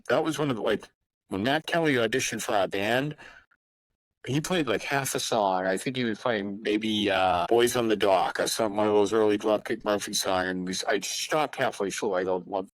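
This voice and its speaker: Low-voiced older man telling rambling stories. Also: no room sound, poor audio. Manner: rambling anecdotal storytelling. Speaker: guest musician. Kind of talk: casual podcast interview.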